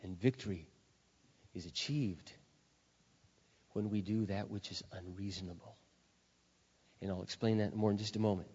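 A middle-aged male pastor delivers a forceful sermon, pushing loud emphasis and then sinking into low, intense stretches. His voice carries a long hall reverb, and the sound is slightly dull, as if from an older recording. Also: moderate pace, long pauses, breathy edge.

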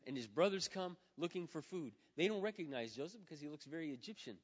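A man in his fifties preaching a sermon as pastor, dramatic and swinging from loud to hushed, acting out quoted prayers. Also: on the high side, animated, brisk, breathy edge. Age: 50s. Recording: dull sound with long hall reverb.

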